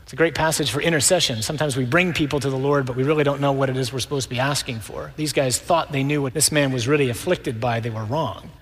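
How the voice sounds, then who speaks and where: A man preaching a sermon, lively and conversational, acting out the voices of the people in the scripture stories. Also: medium pitch, fast talker, hardly any pauses, big-room sound.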